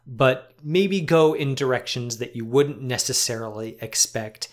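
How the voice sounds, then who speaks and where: A man co-hosting a film podcast, talking in a thoughtful, self-deprecating way. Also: mid-range voice. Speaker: podcast co-host. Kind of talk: casual film discussion.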